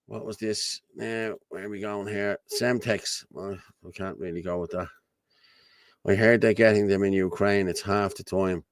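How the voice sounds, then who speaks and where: A man's voice: medium pitch, no room sound, clean studio sound. An Irish man hosting his own show, talking in a blunt, repetitive, colloquial ranting commentary. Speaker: host.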